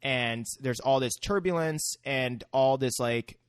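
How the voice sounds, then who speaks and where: A man's voice: mid-range voice, slow, clear, resonant tone, dry recording, clean studio sound. A man co-hosting a casual podcast, rambling through a film recap with lots of fillers and searching for words. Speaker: podcast co-host.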